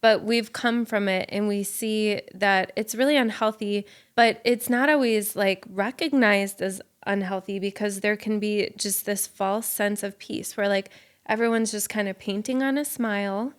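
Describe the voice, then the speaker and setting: A woman's voice: medium pitch, fairly even intonation, a little slow, smooth. Female podcast co-host from Minnesota, earnest and thoughtful in casual talk.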